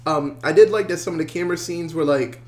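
A man's voice: a little high, quick pace, darkish tone. A man casually retelling a movie plot in a podcast chat, rambling with lots of filler words. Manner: rambling storyteller, many "uh"s.

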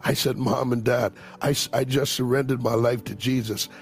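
A man giving an emotional testimony and fervent prayer as an evangelist guest, swinging from hushed, tearful words to loud declarations. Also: mid-range voice, fairly even intonation, normal speed, a little hiss or hum.

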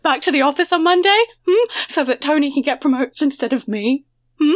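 A woman's voice: sits high, animated, a little fast, voice pushed up. A woman voicing a drunk, self-pitying divorced office worker, mopey and pleading.

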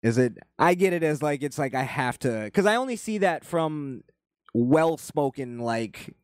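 A man casually commenting as he reacts to a video, with a rambling, halting, profane way of talking. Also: on the high side, animated, no echo, studio quality.

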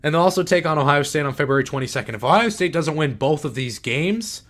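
A man with a fairly high, animated, somewhat bright voice talks fast while hosting a sports podcast. He gives blunt, sarcastic takes casually and restarts often.

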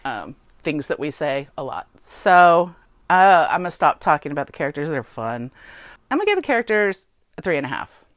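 A woman with a notably low voice, recorded dry and close, co-hosts a relaxed film discussion. She talks emphatically, repeating words for stress and filling pauses with "um." Her delivery is animated and opinionated. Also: no room sound. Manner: animated, emphatic, many fillers and repetitions. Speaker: podcast co-host. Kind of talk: casual movie review chat.

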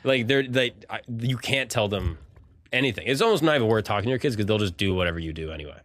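A man's voice: fairly low pitch, expressive, quick pace, a bit bright. A man hosting a casual podcast, talking reflectively with lots of filler words. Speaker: podcast host.

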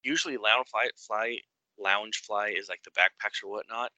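A man co-hosting a casual chat, agreeable and quick to chime in. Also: lowish voice, steady tone, sharp tone, no echo, poor audio. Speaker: podcast co-host.

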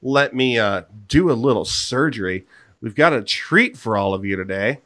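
Speaking at a moderate pace, this podcast host has a mid-range, fairly bright voice with lively intonation. He chats loosely about football picks, joking around and often interrupting his own train of thought.

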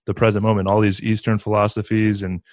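A man speaks in a low, fairly flat voice, earnest and reflective, with plenty of "like" fillers. The recording is dry and close, with no room sound. He sounds like a podcast guest in a casual spiritual conversation. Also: fast talker, no echo.

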